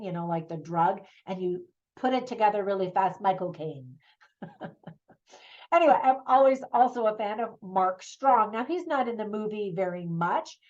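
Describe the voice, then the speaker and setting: A woman's voice: medium pitch, darkish tone. Enthusiastic woman movie reviewer, dull sound. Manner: enthusiastic, chatty, laughs at her own asides.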